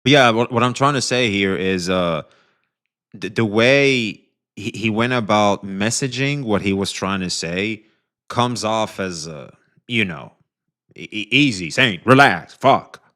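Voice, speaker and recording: A man with a fairly low voice speaks in a commentary video that is being played back. He stumbles over his words and says outright that he has forgotten his point. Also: measured pace, bright, forceful tone. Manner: hesitant, loses his train of thought.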